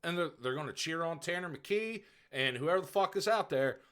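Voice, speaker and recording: A man co-hosting a sports podcast, ranting loudly in casual profane chat. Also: on the high side, expressive, moderate pace, clear, resonant tone. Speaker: podcast co-host.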